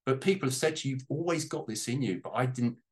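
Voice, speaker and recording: A man's voice: medium pitch, quick pace. A man on a panel talking about a personal change in a heartfelt, rambling way, close to tears at times. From United Kingdom. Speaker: guest on a panel. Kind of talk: emotional personal testimony.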